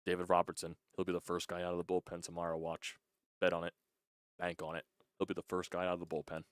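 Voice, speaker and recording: Speaking fast in a very low, monotone voice with a clean tone, a young man who hosts a sports channel vents his frustration as a fan. He swears and restarts words throughout, recorded close and dry with no echo.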